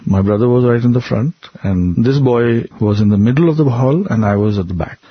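Husky man telling reflective anecdotes. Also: mid-range voice, fairly quick, no room sound, muffled recording. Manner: earnest, reflective, laughs between anecdotes. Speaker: guest recounting memories. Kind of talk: conversational storytelling interview.

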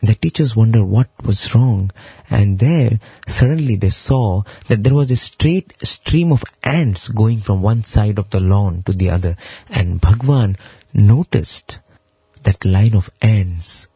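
Husky man with reverent storytelling. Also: lowish voice, animated, dry recording, muffled recording. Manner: reverent storytelling, slow emphatic phrasing. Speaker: devotional speaker. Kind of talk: devotional talk explaining a hymn.

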